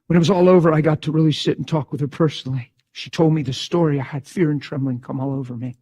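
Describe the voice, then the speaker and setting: Husky preacher with dramatic swings. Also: male voice, fairly high pitch, fairly even intonation, quick pace. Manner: dramatic swings from hushed to loud outbursts. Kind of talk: sermon storytelling.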